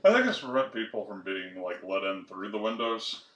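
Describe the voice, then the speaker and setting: A man's voice: fairly low pitch, sing-song, a little fast, a bit bright. A man co-hosting a casual movie-review podcast, offering short dry remarks with some hesitation. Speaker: podcast co-host. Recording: roomy sound with faint room hiss.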